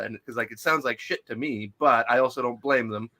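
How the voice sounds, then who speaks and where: A man co-hosting a casual podcast chat, giving blunt opinions in a relaxed way. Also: medium pitch, fairly quick. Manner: opinionated, blunt remarks on pronunciation. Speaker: podcast co-host.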